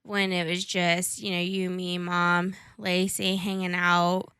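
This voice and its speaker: A woman's voice: lowish voice, monotone, slow pace, bright, forceful tone, smooth, no room sound, studio quality. A woman hosting a podcast in casual chat, bantering bluntly and joking. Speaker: podcast host.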